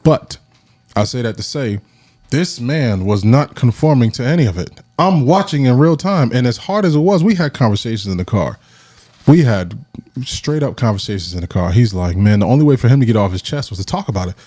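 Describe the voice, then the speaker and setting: Male podcast host, thirties, mellow low voice, lively storyteller, dry close mic. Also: fairly quick, no room sound. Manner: animated, acts out friends' voices in quotes; addresses listeners directly, repeats phrases. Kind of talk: casual storytelling chat.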